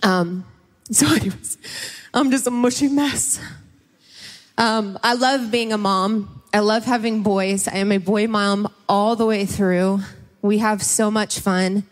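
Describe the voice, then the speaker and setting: A woman's voice: medium pitch, fairly even intonation, takes it slowly. A young woman from Ohio speaking to a church congregation, emotional and laughing, often close to tears. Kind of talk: Mother's Day church talk. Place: large church hall. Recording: long reverb of a hall.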